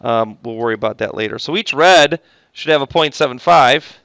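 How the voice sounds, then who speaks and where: A man's voice: mid-range voice, normal speed, gravelly, a bit bright, no room sound. A man teaching math to a class, joking with the students and stopping often to correct himself. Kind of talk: classroom lecture.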